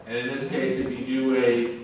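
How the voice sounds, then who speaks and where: A man's voice: mid-range voice, completely flat delivery, normal speed. A male university professor giving a classroom lecture to students in a casual, joking manner. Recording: echoey hall from far off with faint noise.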